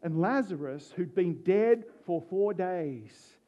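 A man's voice: high voice, expressive, slow pace. A man preaching an Easter sermon, earnest and emphatic, reading scripture aloud in a dull lo-fi recording.

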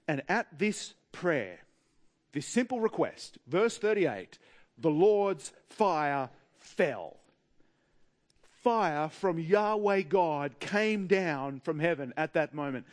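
A man with an Australian accent preaching a sermon in a wry, humorous way, with dramatic pauses. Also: a little high, sing-song.

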